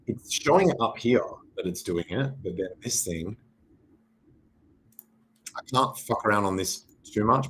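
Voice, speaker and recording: A man's voice: on the low side, fairly bright tone, low-quality recording. An Australian man hosting a livestream, talking through crypto charts in a rambling, jokey and profane way. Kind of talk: casual livestream chart commentary.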